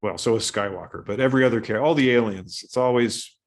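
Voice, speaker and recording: A man as a podcast guest in casual chat, laid-back and quick to agree. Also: mid-range voice.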